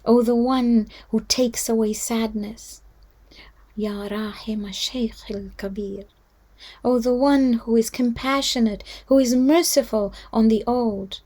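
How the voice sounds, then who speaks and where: A woman telling a devotional story to children, heartfelt and often dropping into a hushed whisper. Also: a little high, fairly even intonation, a little slow, hardly any pauses. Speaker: storyteller at a children's religious gathering.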